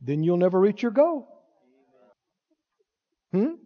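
A man's voice: high-pitched, sing-song, a little slow. A man preaching a sermon with emphasis, asking the crowd for replies. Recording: dull lo-fi sound in a reverberant hall.

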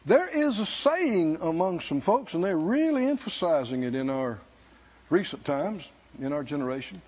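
A man preaching a sermon at a conference, emphatic and sometimes shouting, calling out to the congregation, in a dull lo-fi recording. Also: fairly high pitch, big pitch swings, normal speed, slightly rough. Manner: emphatic, shouting at peaks, laughing, call-and-response.

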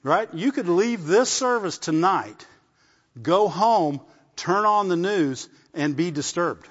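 A man's voice: high voice, expressive, slow pace, a bit bright. A man preaching a conversational sermon, often asking the congregation for a response. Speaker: pastor. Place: church service. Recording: muffled sound with long hall reverb.

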